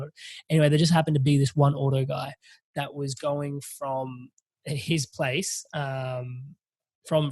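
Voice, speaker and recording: Animated man telling a story. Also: on the high side, gravelly, no echo. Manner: animated, swearing, laughing through a story. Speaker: podcast host. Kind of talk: casual storytelling.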